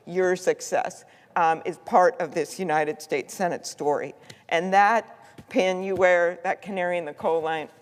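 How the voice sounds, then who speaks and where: A senator speaks from the floor of a large chamber, and the voice trails off into a long reverb. The tribute is heartfelt and told as a story, with small fillers between thoughts. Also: mid-range voice.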